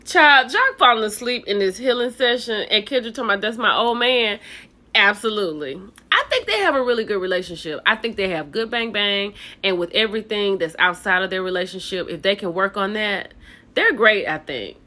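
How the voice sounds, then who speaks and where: A woman's voice: medium pitch, animated, fairly quick, pushed and bright. A woman hosting a casual reality TV recap, chatty and opinionated, talking straight to her viewers.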